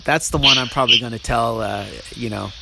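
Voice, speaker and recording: A man's voice: mid-range voice, a little fast, gravelly, very noisy. A man hosting a podcast, telling a funny story in casual chat with many restarts and laughs. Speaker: podcast host.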